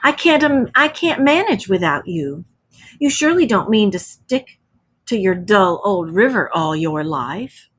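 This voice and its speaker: A woman voicing a boastful, excitable rich male toad in a storybook read-aloud. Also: medium pitch, measured pace, breathy edge. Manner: exclaiming, enthusiastic.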